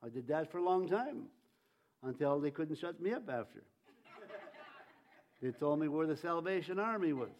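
A man preaching a sermon in a high voice, fervent and rousing. He calls on the congregation to answer him and repeat his lines. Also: expressive, moderate pace, long pauses, muffled recording, some chatter behind. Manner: fervent, leads congregation in call-and-response.

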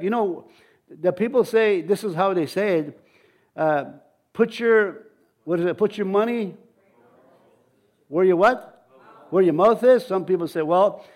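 Chatty high-voiced preacher. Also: male voice, a little mellow. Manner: rambling, chatty, asks the congregation questions. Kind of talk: informal sermon.

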